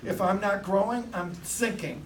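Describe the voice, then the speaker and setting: Male sales coach, fairly high voice, heard from a distance, punchy call-and-response delivery. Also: moderate pace, slight background noise. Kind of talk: motivational sales talk. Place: dealership meeting room.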